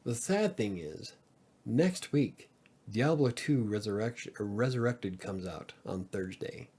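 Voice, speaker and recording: Rambling, cursing podcast host. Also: male voice, fairly low pitch, expressive, a little slow, a little mellow, breathy edge. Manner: rambling, swears freely, chuckles often. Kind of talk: casual livestream chat.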